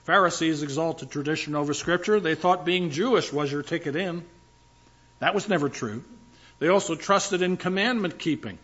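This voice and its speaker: A man's voice: a little high, a bit bright, dull audio. An older male pastor preaching a sermon in a conversational, emphatic way, with asides to the congregation.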